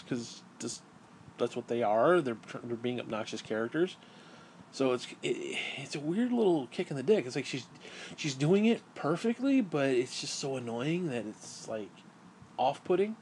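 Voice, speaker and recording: A man's voice: medium pitch, expressive, moderate pace, darkish tone, a little hiss or hum. Exasperated man ranting, profane and rambling. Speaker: gaming and wrestling commentator. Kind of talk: angry rant.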